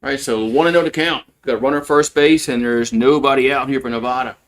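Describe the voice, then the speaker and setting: A man calling a softball game play by play on a live stream from home, in a casual, chatty way. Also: medium pitch, fairly even intonation, fast. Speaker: play-by-play commentator. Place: at home with a barking dog.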